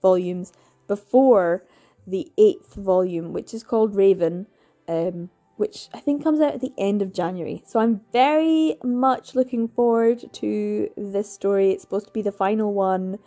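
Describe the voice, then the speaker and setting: A woman's voice: medium pitch, unhurried, mellow. Chatty woman reviewing books. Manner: enthusiastic, rambling, many fillers and laughs. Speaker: book reviewer. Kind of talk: casual chat.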